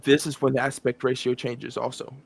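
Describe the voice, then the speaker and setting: A man's voice: mid-range voice, fairly quick, gravelly, husky, no room sound. A man co-hosting a podcast, casually reviewing a film and acting out its scenes with laughter. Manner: animated retelling, acts out scenes with laughs. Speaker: podcast co-host. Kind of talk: casual movie review chat.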